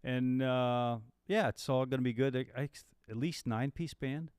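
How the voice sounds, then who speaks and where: A man's voice: mid-range voice, normal speed, a little mellow, smooth, dry recording. A man co-hosting a live podcast, chatting casually and upbeat while promoting local shows. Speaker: podcast co-host.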